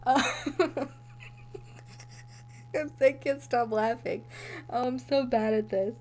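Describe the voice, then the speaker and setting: Young woman, podcast co-host, slow-paced, giggly, meandering. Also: a little high, fairly even intonation, warm tone. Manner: giggly, easily amused, meandering stories. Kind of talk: casual chat.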